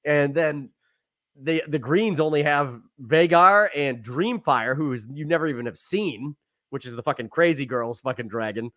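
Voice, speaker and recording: A man's voice: moderate pace, no room sound, clean studio sound. A man co-hosting a podcast in casual chat, talking animatedly and jumping into character voices as he tells a story. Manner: animated, acts out characters with sudden swoops in pitch. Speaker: podcast co-host.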